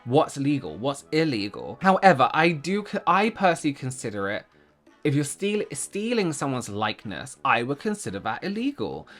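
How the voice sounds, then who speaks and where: A man's voice: medium pitch, sing-song, normal speed, fairly bright tone, faint music behind. A man hosting a reaction video, rambling and cutting himself off as he chats to camera. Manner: rambling, self-interrupting, laughs often. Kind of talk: casual commentary to camera.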